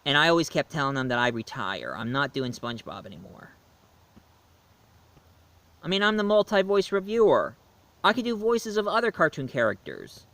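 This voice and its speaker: A man's voice: a little high, very animated, moderate pace, pauses often, fairly bright tone, no echo. A man reviewing cartoons in a casual, rambling vlog talk with frequent self-corrections. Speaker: voice impressionist and reviewer.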